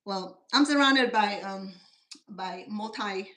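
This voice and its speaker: A woman's voice: medium pitch, moderate pace, a bit bright. A middle-aged woman with a Cambodian accent, a native Khmer speaker, hosting a home cooking channel and rambling through stories in broken English from her kitchen. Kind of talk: casual chatty cooking talk.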